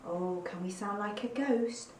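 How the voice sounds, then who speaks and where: A woman teacher with an East Midlands English accent gives a phonics lesson to young children. She talks slowly in a sing-song, encouraging way and acts out each sound. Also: mid-range voice, a little mellow, faint music behind. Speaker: primary school teacher. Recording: echoey room, mic at a distance.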